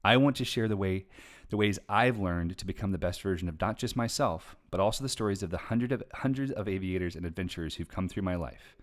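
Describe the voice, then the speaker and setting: A woman author and show host at home, reading her book aloud on a live stream and chatting between passages, earnest, quick, and quick to laugh. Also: extremely low pitch.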